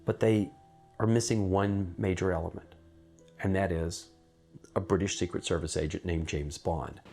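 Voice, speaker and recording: Measured male documentary narrator, low register. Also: steady tone, a little mellow, faint music behind.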